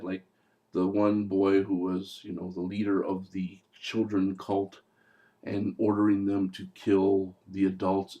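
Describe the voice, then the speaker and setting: A man's voice: on the low side, mellow. A man reviewing a movie in casual talk, sarcastic and profane, with rambling asides.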